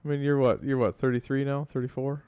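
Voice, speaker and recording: A man co-hosting a podcast who ribs his friend with dry, deadpan teasing. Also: medium pitch, quick pace, smooth, dry recording. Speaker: podcast co-host. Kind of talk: casual chat.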